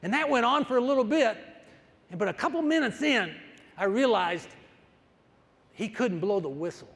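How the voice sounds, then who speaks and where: An older man, a coach, tells a story from the stage and plays out each exchange with energy. His voice sits high for a man and swings widely in pitch. A long reverb from the big hall hangs behind every word. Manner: animated, acts out the dialogue. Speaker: wrestling coach. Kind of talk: storytelling speech. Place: large conference hall.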